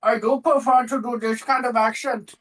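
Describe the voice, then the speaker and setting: A man's voice: extremely high pitch, steady tone, normal speed, fairly bright tone, far from the mic, voice pushed up, poor audio. A man putting on the voice of an overly polite male tech-support telemarketer with an exaggerated, singsong accent. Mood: mock polite.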